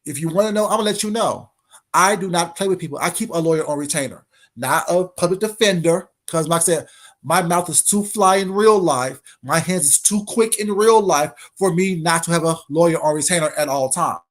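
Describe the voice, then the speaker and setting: A man's voice: a little high, fairly quick. A man giving a brash, confrontational casual monologue as an online commentator.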